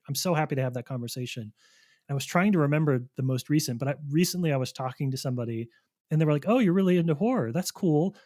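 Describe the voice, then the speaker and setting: A man's voice: medium pitch, a little mellow, dry recording. Male podcast host, mid-range voice, dry close sound, loose rambling talk. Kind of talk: casual podcast chat.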